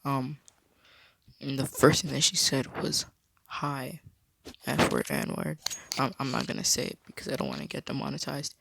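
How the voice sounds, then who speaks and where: Male vlogger, mid-pitched and raspy with fry, casual storytelling over a noisy background. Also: fairly even intonation, fairly quick. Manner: low-key, rambling storytelling.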